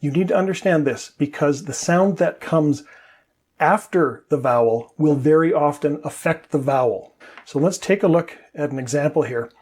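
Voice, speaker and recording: Male English teacher, slightly high, husky voice, patient step-by-step explainer. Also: moderate pace, darkish tone.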